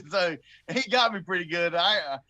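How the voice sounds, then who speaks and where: A man's voice: sits high, normal speed, very noisy. A man, a show guest telling a story in a casual, blunt way and laughing often as he goes. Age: 40s. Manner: blunt, swears freely.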